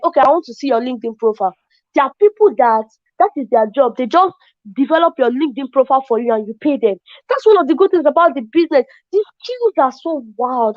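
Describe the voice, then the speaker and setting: A woman tells her story as an affiliate marketer in an excitable, casual way, often saying "as in". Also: high-pitched, dry recording. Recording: dull lo-fi, dry sound.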